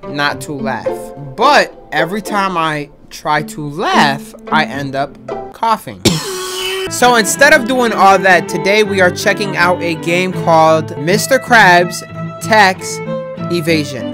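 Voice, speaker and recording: A woman hosting a gameplay video, loud and excitable, laughing and cursing as she plays. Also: on the low side, slow pace. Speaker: gaming video host. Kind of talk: gameplay commentary. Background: game music.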